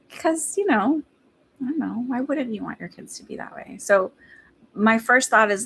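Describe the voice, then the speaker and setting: A woman's voice: fairly high pitch, lively intonation, fairly quick, vocal fry, breathy edge. A woman giving a psychic reading in casual live-stream chat, rambling with lots of fillers and laughing between thoughts. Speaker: psychic medium.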